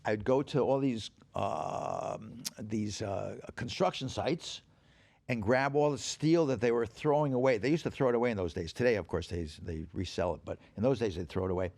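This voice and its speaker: A man guesting on a podcast, telling anecdotes in an animated, profane way and acting out the people in them. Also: on the low side, normal speed, vocal fry. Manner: animated, profane storyteller who acts out quoted dialogue. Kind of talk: anecdotal storytelling. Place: podcast stage.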